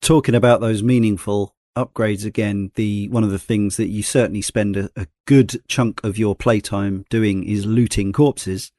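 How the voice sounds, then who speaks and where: A man's voice: fairly low pitch, steady tone, moderate pace, hardly any pauses, mellow, no room sound, clean studio sound. A man hosting a podcast, talking through a game in a thoughtful, rambling way and passing questions to his co-hosts. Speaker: podcast host. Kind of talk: casual game discussion.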